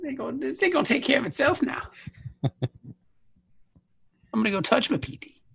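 Raspy gravelly podcast host dude, crude jokes, laughs a lot. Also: male voice, extremely high pitch, expressive, normal speed, a bit bright, no echo. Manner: crude, joking, laughs often. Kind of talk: casual chat.

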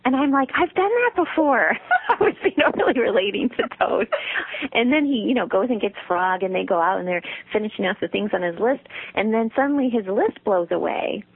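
A woman's voice: medium pitch, brisk, a little hiss or hum. A woman guest and writer with a loving, nurturing voice, telling a story in a reflective, casual interview. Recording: dry phone line.

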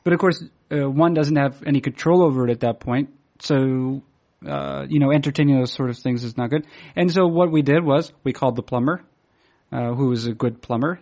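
In a muffled recording, a Boston man with a medium-pitched, darkish voice makes casual conversation. His storytelling is rambling and halting, full of fillers and false starts, and he chuckles self-deprecatingly along the way.

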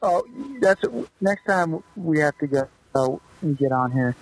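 Speaking slowly in a voice on the high side, this former pro baseball player is a guest on a casual podcast. He rambles through animated stories from his career, using lots of fillers, and the audio quality is poor.

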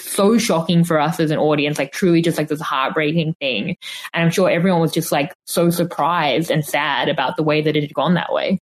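Low-voiced woman podcast host. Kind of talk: casual interview.

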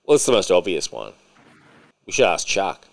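Man, podcast host, casual chat, blunt, swears a lot, animated delivery. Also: sits low, moderate pace, creaky. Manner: excitable, opinionated, swears freely. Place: podcast recording.

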